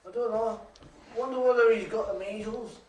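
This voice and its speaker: A man's voice: sits high, fairly even intonation, normal speed, darkish tone, echoey room, muffled recording. A man in the room at a bingo game, trading teasing banter with the host. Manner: teasing back-and-forth banter. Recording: distant voice amid room chatter.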